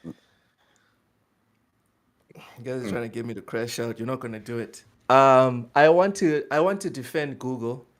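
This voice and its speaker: Animated, swearing male podcast co-host. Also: medium pitch, fairly quick. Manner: animated, swears, laughs a lot. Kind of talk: casual gaming podcast chat.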